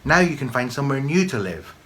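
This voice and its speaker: A man voicing an eager, earnest young boy in a storybook reading, with a pleading, excited delivery. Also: medium pitch, brisk, pitched above the performer's own voice. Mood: relieved.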